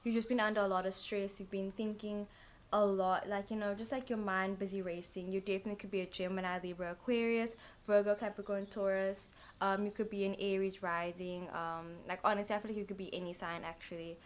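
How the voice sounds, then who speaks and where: A woman's voice: medium pitch, level tone, a little fast. Young female vlogger, tired, chatty tarot reader who rambles and leans on filler words. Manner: rambling, full of "like" and "literally" fillers. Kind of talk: casual chatty tarot reading.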